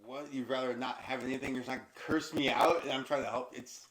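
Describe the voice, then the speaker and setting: A man hosting a podcast in casual chat, halting and repeating words as he talks. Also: mid-range voice, fairly even intonation, a crowd in the background. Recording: echoey room.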